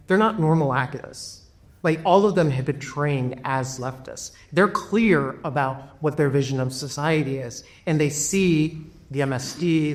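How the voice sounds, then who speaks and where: A man giving a reflective, earnest talk as a panel speaker, pausing on fillers. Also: fairly high pitch. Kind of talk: public talk. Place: packed room.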